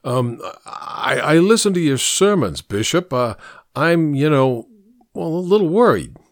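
A man reading an audiobook, voicing a nervous young man who stammers and fills pauses. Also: on the high side, sing-song, dry recording, clean studio sound, pitched above the performer's own voice. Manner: hesitant, stammering with fillers.

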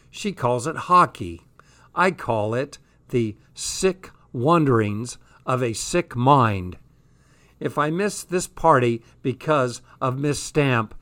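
A man's voice: medium pitch, fairly bright tone. A man reading a comic first-person diary aloud with dry, sardonic delivery. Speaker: audiobook reader.

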